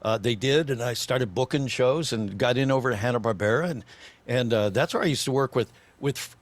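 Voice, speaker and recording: An older man, a voice actor guest on a podcast, telling an animated story with lots of restarts and fillers. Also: medium pitch, a little fast.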